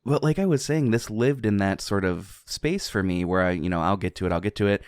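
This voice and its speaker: On a dry recording, a man with a lowish voice talks briskly as co-host of a casual podcast. He's from southwestern Pennsylvania, enthusiastic, laughs often, and keeps rambling off into asides.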